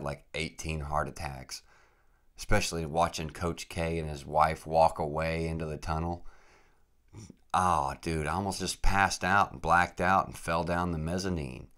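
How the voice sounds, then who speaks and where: A man with an extremely deep voice hosts a podcast. He tells a travel story in a loose, rambling chat, dropping "dude" and "freaking" all the time. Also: a bit bright. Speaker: podcast host.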